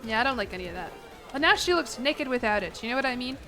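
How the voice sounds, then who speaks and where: A woman's voice: quick pace, soft background music, a faint crowd, rough recording. A young adult woman streaming a game, chatting casually with playful, self-mocking jokes and bursts of laughter. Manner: bursts of animated laughter and pitch jumps. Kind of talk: casual livestream chat while playing a game.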